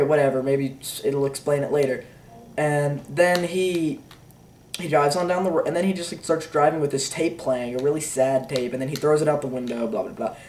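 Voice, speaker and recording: A man's voice: medium pitch, a little mellow, far from the mic. A teenage boy giving a rambling, unsure movie review, full of fillers and offhand "blah, blah, blah" asides. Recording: roomy echo, a bit off-mic.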